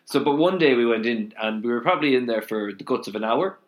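Fast-talking Irish man telling stories. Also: mid-range voice, expressive. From Ireland. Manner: rambling anecdotes with frequent "right?". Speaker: podcast co-host. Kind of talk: casual chat, storytelling.

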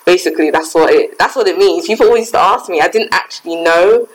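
A woman's voice: fairly low pitch, fast, poor audio. A young woman from England, co-hosting a casual podcast chat in a reflective way, with many fillers. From Ghana heritage, raised in England. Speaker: podcast co-host.

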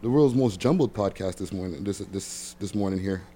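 A man's voice: deep voice, normal speed, warm tone, slightly rough. A man hosting a casual reaction podcast, loose and swearing, talking over music. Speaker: podcast host. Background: hip hop music playing.

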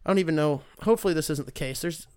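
A man's voice: fairly high pitch, rapid-fire, darkish tone, clear, resonant tone, dry recording, clean studio sound. A young man, hosting a casual solo talk show in a profane, rambling, sarcastic way. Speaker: podcast host.

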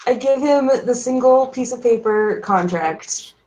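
A woman's voice: on the high side, a little slow, crowd noise, low-quality recording. A woman playing a tabletop game, explaining her plans in a rambling, hesitant way full of fillers. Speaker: player. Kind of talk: casual tabletop game chat.

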